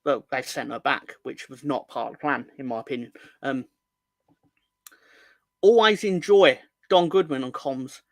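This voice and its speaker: A man's voice: mid-range voice, unhurried, long pauses, no room sound. A man with a London accent co-hosting a casual football podcast, rambling and joking as he reads out viewer comments. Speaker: podcast co-host.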